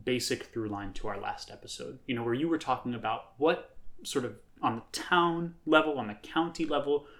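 A man's voice: mid-range voice, a bit bright. A man from upstate New York co-hosting a podcast in casual, emphatic conversation, with many fillers. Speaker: podcast co-host.

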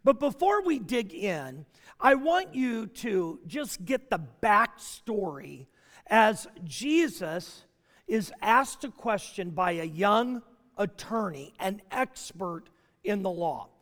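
A man preaching a sermon as a pastor, animated and full of rhetorical questions. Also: high-pitched, slow pace, in a large hall.

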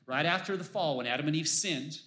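A man's voice: a little high, fairly quick, pushed and bright, echoey room. A male pastor preaching a sermon to his congregation, emphatic and exhorting, his voice rising as he urges listeners on.

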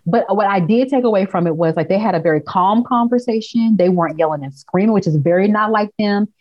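A woman hosting a casual chat, recapping a TV episode with profane, animated storytelling and acted-out quotes. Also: medium pitch, fast talker, dry recording, dull audio. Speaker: podcast host recapping a TV episode.

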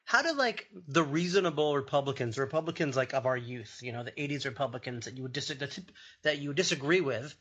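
A man's voice: mid-range voice, expressive, fast talker, fairly bright tone, slightly rough, highs cut off. A man in his forties co-hosting a comedy politics podcast, joking and rambling in casual chat. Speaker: podcast co-host.

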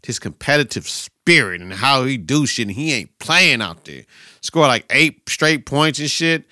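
A young man hosts his own podcast solo, chatting about sports and coaching in a loose, slangy, profane way. His voice is bright and forceful. The sound is close and dry, with no room around it. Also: mid-range voice, measured pace, no room sound. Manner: profane, slangy, animated riffing. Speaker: podcast host, teacher and coach.

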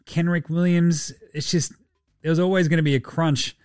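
A man with an Australian accent hosting a casual solo sports podcast, loose, sweary and quick to laugh. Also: fairly high pitch, steady tone, a little mellow, clear, resonant tone, no room sound. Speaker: podcast host.

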